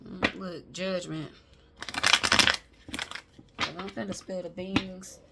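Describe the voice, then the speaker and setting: This tarot reader talks slowly in a lowish voice with vocal fry and little pitch movement. She's chatty and emphatic, reading the cards casually on camera and speaking directly to viewers as y'all, with faint background noise behind her.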